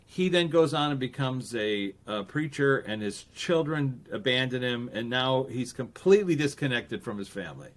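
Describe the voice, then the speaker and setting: A man talking as a podcast guest in a casual interview, animated and quick to act out the voices he quotes, often restarting his sentences. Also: medium pitch.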